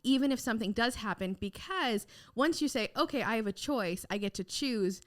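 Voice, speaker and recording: A woman's voice: fairly high pitch, normal speed. A young adult woman, a podcast guest, chatting frankly in a casual interview, telling stories and acting out what people said, with the odd casual swear word. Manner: animated storyteller who acts out quoted lines.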